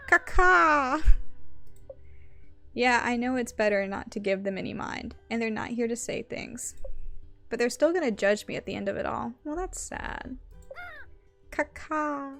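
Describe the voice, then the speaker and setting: A woman's voice: on the high side, fairly quick, faint music behind. A young woman streamer casually commenting on a game, playful and self-deprecating.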